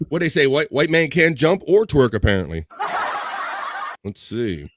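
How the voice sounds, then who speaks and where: A man's voice: mid-range voice, sing-song, unhurried, dry recording, clean studio sound. Joking man hosting a live chat. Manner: loose, joking, reads chat aloud. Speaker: livestream host.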